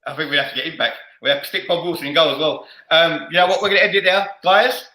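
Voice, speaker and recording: A man hosting a fan show with a loud, boisterous manner, repeating himself and laughing often. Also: on the high side, fairly even intonation, fast, reverberant, low-quality recording. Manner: boisterous, repetitive, laughs a lot. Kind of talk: heated fan podcast debate.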